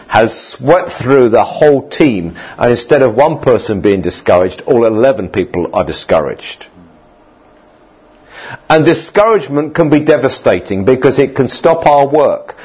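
Man, sermon, conversational, husky voice, mid pitch. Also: a little mellow. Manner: conversational, acts out mocking voices in quotes. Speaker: preacher.

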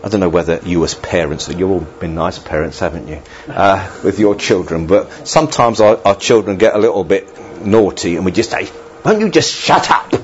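A man preaching a sermon in a church, talking to the congregation in a conversational, animated way with asides to the people listening. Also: sits low, normal speed, hardly any pauses, dull audio, a little hiss or hum.

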